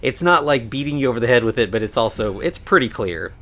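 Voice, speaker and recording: A man's voice: mid-range voice, lively intonation, quick pace, bright, forceful tone. A man co-hosting a podcast, chatting casually about a film in rambling sentences full of fillers and restarts. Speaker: podcast co-host. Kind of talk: casual movie discussion.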